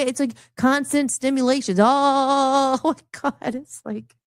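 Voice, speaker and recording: A middle-aged woman musician hosting a live radio talk show, rambling and animated, often restarting her sentences. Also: high-pitched, slow, no echo, studio quality. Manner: animated, rambling, frequent restarts and self-interruptions.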